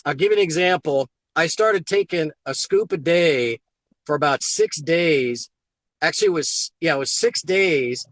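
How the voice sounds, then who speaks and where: High-voiced man telling an excited testimonial. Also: a little slow, no echo. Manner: excited, acts out quoted dialogue. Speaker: guest giving a product testimonial. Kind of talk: animated storytelling on a live call.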